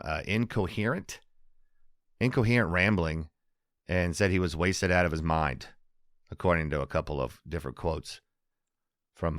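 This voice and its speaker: A man's voice: deep voice, smooth, dry recording, clean studio sound. A man hosting a casual comedy podcast monologue, rambling, restarting sentences and laughing at his own jokes. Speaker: podcast host.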